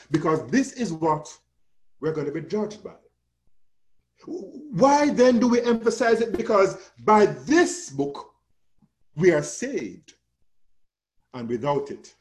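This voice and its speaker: A man's voice: high-pitched, sing-song, slow pace, long pauses. A man preaching a sermon with an emphatic, rising and falling cadence, calling listeners his friend.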